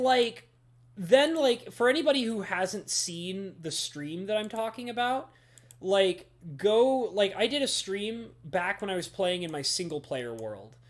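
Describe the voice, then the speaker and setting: A young woman streaming a game, chatting casually in an animated, rambling way with lots of fillers. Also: mid-range voice. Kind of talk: casual gameplay stream chat.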